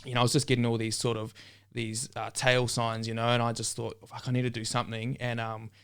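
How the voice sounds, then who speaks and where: A young man from New Zealand, a podcast guest in a relaxed casual chat, often saying "man" and "bro". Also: medium pitch, fast talker, gravelly, clear, resonant tone. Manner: laid-back, says "man" and "bro" often.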